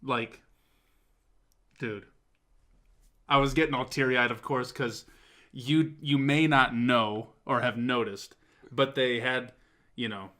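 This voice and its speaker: A man co-hosting a casual talk show, telling a story in an excitable, animated way and swearing often. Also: mid-range voice, slow, long pauses. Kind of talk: casual chat.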